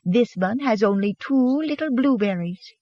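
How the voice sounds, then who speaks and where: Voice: mid-range voice, lively intonation, moderate pace, a little mellow, dry recording, lo-fi sound, voice pushed up, close to an everyday voice. An audiobook narrator voicing a playful young wife who whispers teasing remarks in a put-on Swedish accent.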